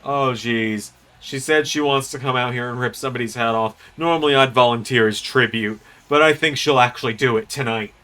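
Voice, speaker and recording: A man commentates a wrestling video game series as its host. His play-by-play is excitable and chatty, full of asides and jokes. His voice sits at an average mid pitch. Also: a little fast, few pauses.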